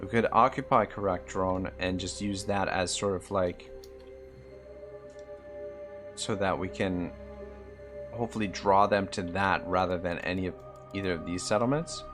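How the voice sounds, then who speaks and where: Low-voiced East Coast Canadian man streaming. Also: fairly even intonation, unhurried, pauses often, over music. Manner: thinks aloud, plans moves, swears when annoyed. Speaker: gaming live streamer. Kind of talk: live gameplay commentary.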